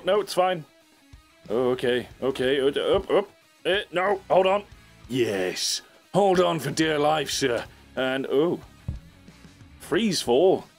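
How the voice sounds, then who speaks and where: A man giving excitable let's-play commentary, squealing and laughing as he plays. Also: a little high. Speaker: gaming YouTuber.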